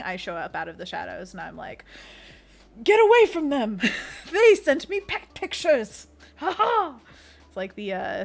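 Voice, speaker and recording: A young woman streaming as an art host, chatting casually with viewers while she paints, giggly and quick to slip into playful bits. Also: mid-range voice.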